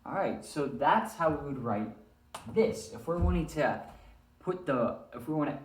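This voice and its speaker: A man's voice: a little high, lively intonation, normal speed, slight background noise. Echoey teacher explaining grammar, man. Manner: explains step by step, often checks in with "all right?". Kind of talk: recorded language arts lesson. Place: room with a whiteboard. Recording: echoey room.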